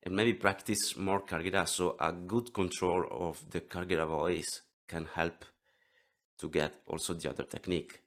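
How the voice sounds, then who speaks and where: Italian guy in his 30s explaining throat singing, really low voice, keeps restarting words. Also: steady tone, normal speed, fairly bright tone. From Italy. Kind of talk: interview lesson.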